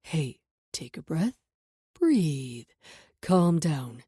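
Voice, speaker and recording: A woman narrator voicing a steady, persuasive man who speaks low, calm and commanding in an audiobook. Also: moderate pace, breathy edge, no echo, clean studio sound.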